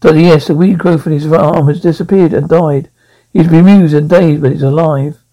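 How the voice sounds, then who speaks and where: A man's voice: on the high side, steady tone, moderate pace, mellow, low-quality recording. The Doctor, read by a man, eager and resourceful. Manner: eager, stumbling over words. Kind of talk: script read aloud.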